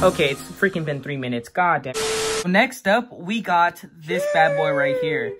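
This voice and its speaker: Young guy with a raised pitch, excitable and slangy, casual vlog chat. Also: normal speed, loud music behind the voice. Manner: slangy, excitable, self-mocking. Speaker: pet keeper showing his bugs.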